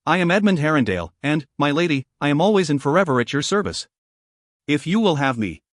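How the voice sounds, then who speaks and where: A man's voice: a little high, very animated, fairly quick, no room sound, clean studio sound. A man voicing a bold, charming young male demon hunter who speaks in a dashing, gallant way.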